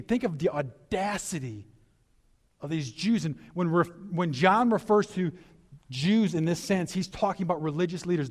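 A male pastor delivers a sermon with a slightly high-pitched voice. He builds to emphatic peaks, then drops into conversational, reflective asides. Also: normal speed. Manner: animated preaching, rising to emphatic peaks.

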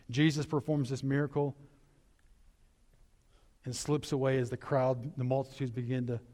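A man preaching a sermon as pastor, animated and emphatic with conversational, reflective asides. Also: mid-range voice.

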